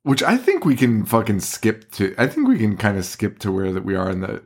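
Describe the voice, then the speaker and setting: A podcast co-host with a lowish, brisk, slightly rough male voice casually recaps a film. His animated retelling is full of swearing, laughter, and mocking voices for the characters.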